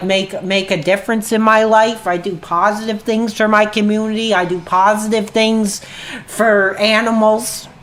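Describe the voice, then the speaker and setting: A woman's voice: medium pitch, fairly bright tone. A woman livestreamer ranting angrily at her chat in a heated, profane way. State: agitated. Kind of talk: angry livestream rant.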